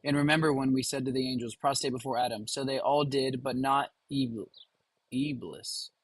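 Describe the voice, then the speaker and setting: A man with a husky, breathy voice reads a passage aloud and chats informally to his viewers as a reaction host. The recording is dry and close, with no room echo. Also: mid-range voice, steady tone, moderate pace. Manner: informal, addresses viewers directly. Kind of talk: casual reading and commentary.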